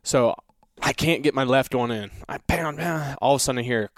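A man's voice: medium pitch, no room sound, studio quality. A man talking as a guest on a podcast, telling a long story in a rambling, casual way with many restarts. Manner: rambling, restarts often, drawn-out retelling. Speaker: guest hunter.

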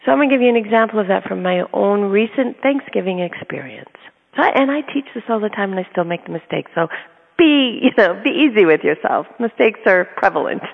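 A creaky, mid-range female voice with lively intonation moves a little fast as a middle-aged autism advocate and parent chats about her personal stories. She's earnest and casual, often laughing mid-sentence, and the audio is tinny and phone-like with long reverb.

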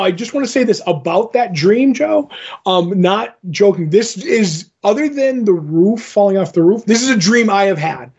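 Husky high-voiced man, rambling storyteller. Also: lo-fi sound. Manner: rambling, animated storytelling with fillers. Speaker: podcast co-host. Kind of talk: casual chat, retelling a comic story.

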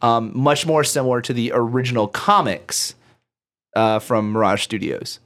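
A man's voice: medium pitch, moderate pace, a bit bright. A man hosting a podcast, chatting casually about a film in a rambling, self-deprecating way full of fillers, a little tipsy. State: has been drinking. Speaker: podcast host.

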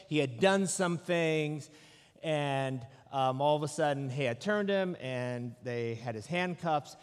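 Male pastor, fairly high voice, relaxed storyteller with self-deprecating humor, sermon recorded in a big reverberant sanctuary. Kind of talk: sermon with humorous personal stories. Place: church sanctuary. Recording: long reverb of a large hall.

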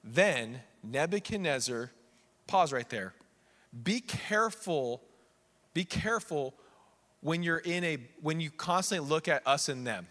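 A male pastor preaching an animated sermon, swinging between quiet asides and raised preaching and acting out the figures in quick voices. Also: fairly high pitch, long reverb tail. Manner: acts out the king and others in quick voices. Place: church sanctuary.

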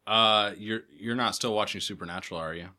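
Man, very deep voice, bright edge, podcast co-host, laid-back, slangy, teasing. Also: fairly quick. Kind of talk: casual podcast chat.

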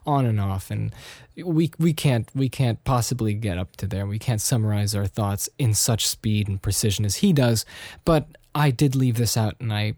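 A man's voice: fairly low pitch, normal speed, hardly any pauses, darkish tone, no room sound, studio quality. A young man hosting a podcast alone in casual chat, slightly nasal, rambling and self-deprecating with many restarts. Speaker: podcast host.

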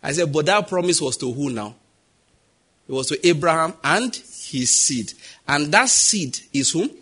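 A Nigerian man preaching a sermon in a husky, slightly breathy voice that sits a little high for a man. He tells his stories with animation and acts out the voices of the people in them. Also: unhurried. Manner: animated storytelling, acting out quoted voices.

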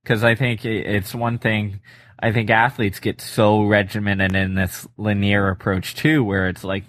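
Low-voiced man in casual chat. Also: normal speed, no room sound, studio quality. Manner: relaxed, uses "like" often. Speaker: former pro runner, co-host. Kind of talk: casual podcast conversation.

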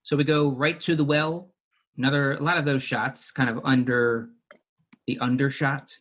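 A man's voice: medium pitch, level tone, moderate pace, a bit bright, a little hiss or hum. A man recapping and discussing a television episode with co-hosts in a casual chat, with frequent fillers.

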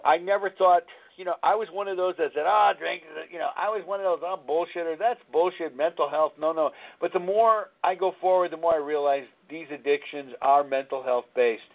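A man in his sixties hosting a live radio talk show, telling candid personal stories in a rambling way with frequent restarts. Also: fairly high pitch. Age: 60s. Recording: tinny phone-line sound.

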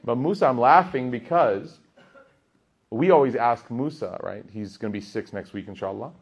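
A man in his thirties giving a casual religious talk to a gathering, telling jokey stories about his kids and getting loud in the funny parts. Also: mid-range voice, moderate pace, slightly rough. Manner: storytelling, jokey, animated, rising loud in funny bits. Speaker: religious teacher. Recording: dull lo-fi sound.

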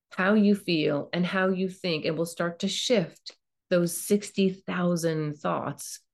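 A middle-aged woman giving a gentle self-help talk with a coaching manner, now and then acting out the voices in her head. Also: fairly low pitch.

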